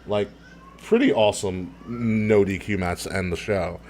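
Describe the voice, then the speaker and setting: A man with a fairly low voice co-hosts a casual podcast. He talks in excited, rambling bursts, swears freely and breaks into laughter often. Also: a little slow, slight background noise. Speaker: podcast co-host. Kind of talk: casual chat.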